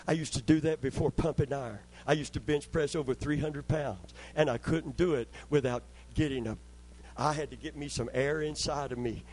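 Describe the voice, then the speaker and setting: A man's voice: medium pitch, normal speed, darkish tone, slightly rough, rough recording. An older man preaching a sermon, telling stories and calling out for amens as he builds to fervent preaching. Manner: storytelling, call-and-response asking amen, rising to fervent preaching.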